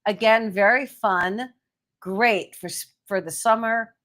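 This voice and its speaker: A woman's voice: mid-range voice, slow, a bit bright. A woman co-hosting a live shopping stream, chatty and gushing as she shows off jewelry and china. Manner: chatty, gushing over items. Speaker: co-host selling items on a livestream. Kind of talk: casual live shopping chat.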